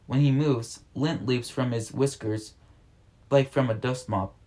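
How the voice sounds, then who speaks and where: A man reads a novel aloud in a steady, mid-pitched voice. He stumbles over words now and then and goes back to correct himself, reading at an unhurried pace like an amateur home reader. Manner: steady reading with frequent slips and self-corrections.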